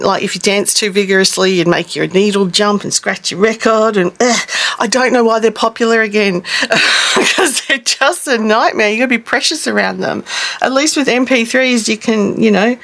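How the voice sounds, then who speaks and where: A middle-aged woman hosting a casual craft vlog, talking quickly in a chatty, rambling way with frequent small laughs. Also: mid-range voice, fairly bright tone. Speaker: craft channel host. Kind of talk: casual show-and-tell vlog.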